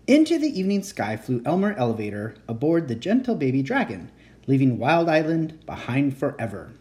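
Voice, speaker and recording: A reader narrates a children's chapter book in an expressive, animated way. The pitch rises and falls freely, and the tone stays warm and mellow. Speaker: storybook reader.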